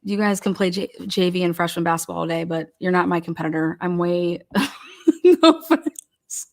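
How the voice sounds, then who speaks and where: A woman's voice: fairly low pitch, level tone, quick pace, vocal fry. A woman hosting a live stream panel, telling an indignant, profane story and breaking into laughter. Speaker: livestream panel host.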